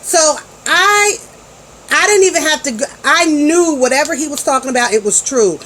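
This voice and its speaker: Woman in her forties, fairly high voice, slangy and chatty, telling a family story to camera over faint room noise. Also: moderate pace, fairly bright tone, rough recording. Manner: chatty and slangy, with frequent restarts. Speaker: parent vlogger.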